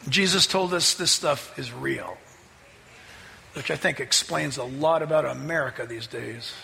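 A man preaching a sermon as pastor, telling a story with animated delivery that rises toward near-shouting at the climaxes. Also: medium pitch, measured pace, creaky, slight background noise. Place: church sanctuary. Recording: hall reverb, faint ambience.

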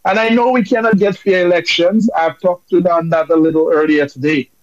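Fired-up guy from dominica ranting on a call-in, higher voice, dull lo-fi sound. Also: a little mellow, no echo. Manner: impassioned, emphatic, repetitive. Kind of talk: political commentary.

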